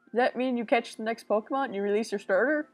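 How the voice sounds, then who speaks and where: A woman's voice: fairly high pitch, fast talker, faint music behind. A young woman hosting a let's play, rambling and joking to herself with sudden silly outbursts. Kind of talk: casual game commentary.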